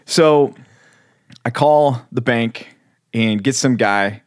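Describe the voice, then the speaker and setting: A man hosting a casual faith podcast, telling a story with lively acted-out quotes. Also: medium pitch, slow pace, clear, resonant tone, dry recording, studio quality. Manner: animated storyteller, acts out quotes. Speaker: podcast host.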